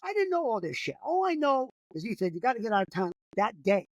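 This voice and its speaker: An older man with a fairly high voice tells a long, profanity-laced story in a rambling, animated way. The sound is dry and close, with no room around it. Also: quick pace, dry recording, rough recording. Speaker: comedian guest. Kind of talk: casual storytelling.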